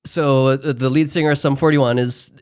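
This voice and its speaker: A man's voice: medium pitch, fairly even intonation, normal speed, clear, resonant tone. A man co-hosting a podcast, chatting casually about a film with jokey, sarcastic asides. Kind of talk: casual movie recap chat.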